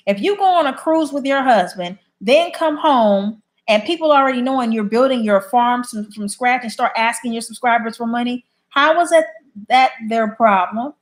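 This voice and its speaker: A woman chatting casually on a livestream, reading viewer comments and answering them bluntly. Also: fairly high pitch. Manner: blunt, opinionated. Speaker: YouTube live streamer.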